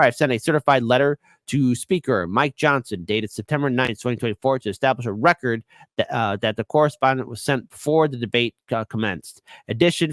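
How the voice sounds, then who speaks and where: A man hosts a political commentary show, reading documents aloud in a halting, stuttering way. His voice sits in the middle range for a man. It is recorded close and dry, with no room echo. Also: medium pitch. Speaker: host.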